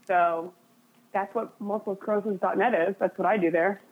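A woman's voice: medium pitch, steady tone, normal speed, breathy edge. A woman guest in a casual interview, talking in a chatty, self-deprecating way with lots of "like" fillers. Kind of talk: casual conversation. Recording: phone-like narrow sound.

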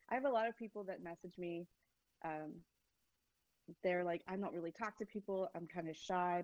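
A woman's voice: lowish voice, no echo, highs cut off. A middle-aged woman telling her story in an interview, candid and emotional, often laughing. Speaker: guest, migraine advocate. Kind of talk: personal interview answers.

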